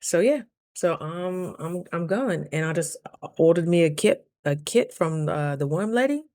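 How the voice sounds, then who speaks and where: A woman's voice: fairly low pitch, lively intonation, measured pace, mellow, no room sound. Earnest woman vlogging, dry sound. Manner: earnest, reflective, emotional. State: close to tears. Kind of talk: casual diary vlog.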